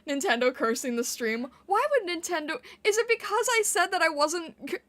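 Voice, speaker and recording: High, bright giggly woman streamer. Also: lively intonation, moderate pace. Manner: giggly, chatty, reading chat aloud; squeaky when yelling or laughing. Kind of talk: casual live-stream chat.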